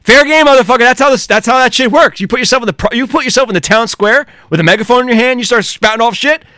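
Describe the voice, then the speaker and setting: A man hosting a podcast, delivering an angry, profanity-laden solo rant with heated shouting outbursts. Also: very high voice, fast talker, no room sound, studio quality. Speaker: podcast host.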